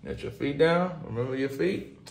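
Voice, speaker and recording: A man's voice: a little high, moderate pace, creaky. A man talking baby talk with his young son, playful and coaxing, recorded in a hospital room. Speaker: father. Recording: echoey room, distant mic, faint noise.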